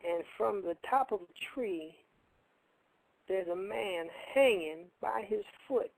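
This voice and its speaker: A man's voice: high voice, slow pace, vocal fry, no echo, poor audio. A man co-hosting a radio show, telling a story casually in a rambling, colloquial way and repeating his phrases.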